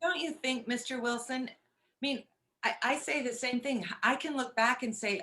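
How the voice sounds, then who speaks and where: A woman's voice: on the high side, moderate pace, sharp tone. A woman hosting a casual chat, reflective and empathetic with her guest. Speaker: host.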